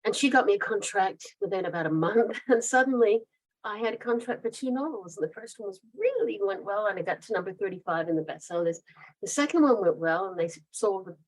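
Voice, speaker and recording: The audio is poor, but it carries a woman's mid-range voice with a darkish tone. She is in her fifties, has a mid-Atlantic accent somewhere between American and British, and, as a guest author, chats her way through wandering stories in a casual interview while laughing often.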